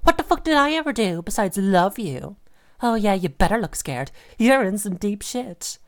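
An actress in an audio role-play plays a volatile, obsessive young woman who holds her partner captive, her voice lurching instantly from sweet cooing to furious rage. Her pitch is ordinary mid-range with lively intonation at a normal speed, lightly acted, and her quieter asides turn breathy and hushed. She addresses the listener directly, as though they were pinned in front of her.

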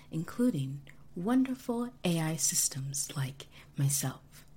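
A woman voicing a calm, polite male AI assistant in a whispered role-play, with formal, courteous phrasing. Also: sits low, a little hiss or hum.

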